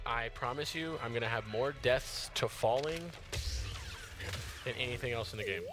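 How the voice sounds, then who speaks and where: Tired excitable male gamer over music. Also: medium pitch, normal speed. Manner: excitable, slangy, yelps and squeals when startled. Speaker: gaming streamer. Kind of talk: live gameplay commentary.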